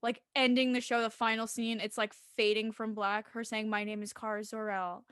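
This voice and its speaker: A woman's voice: fairly high pitch, level tone, normal speed, fairly bright tone, clear, resonant tone, no echo, studio quality. A young woman co-hosting a podcast in casual chat, emphatic and dramatic, often saying "literally.". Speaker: podcast co-host.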